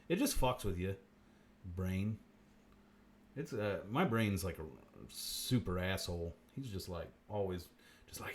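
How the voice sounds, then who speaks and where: A man hosting a comic livestream, rambling through odd facts with constant swearing and deadpan asides. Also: low voice, a little slow, long pauses, breathy edge. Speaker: host.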